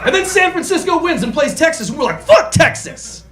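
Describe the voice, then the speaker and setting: A man's voice: very high voice, very animated, fast. A man performing a stand-up comedy set on a club stage, ranting through punchlines and acting out his friends' voices. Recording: echoey club room with crowd noise.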